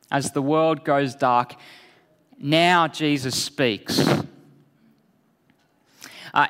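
Slow, high-voiced male preacher in a hall. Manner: slow, deliberate preaching that drops low and quiet for solemn lines. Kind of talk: sermon. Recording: long hall reverb.

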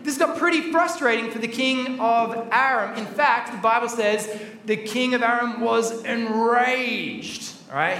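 A man giving a lively children's Bible talk, chatty and playful as he acts out the story. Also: extremely high pitch, recorded from a distance. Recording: roomy hall with faint background noise.

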